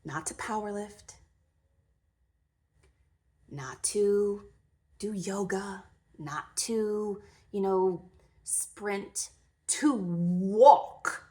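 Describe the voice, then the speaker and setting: A woman's voice: mid-range voice, drawn-out words, long pauses, warm tone. A woman in her thirties telling her story in a storytime vlog, candid, emotional and blunt, with mild swearing. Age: 30s. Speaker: vlogger.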